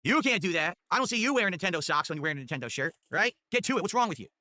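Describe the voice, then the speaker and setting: Brief: boastful male streamer, rapid-fire delivery, bright tense voice, dry close sound. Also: high voice, big pitch swings, dry recording. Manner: boastful and chatty. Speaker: livestreamer thanking donors. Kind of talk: casual livestream chat.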